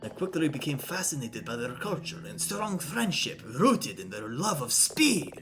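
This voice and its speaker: Woman voicing a vain male photographer, pompous, obnoxious, affected put-on accent, lively pitch. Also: moderate pace, background noise. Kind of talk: voicing characters in a visual novel stream.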